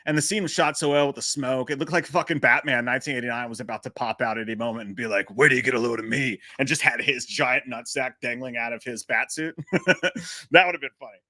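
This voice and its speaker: A man hosting a live chat about a movie, animated and profane, joking at his own expense. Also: medium pitch, quick pace, dry recording, clean studio sound. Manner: animated, profane, self-mocking jokes. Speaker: livestream host.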